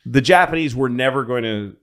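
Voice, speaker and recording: A man's voice: mid-range voice, a little fast, fairly bright tone. A man co-hosting a comedy podcast, telling a rambling history story in casual chat, swearing freely as he goes. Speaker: podcast co-host.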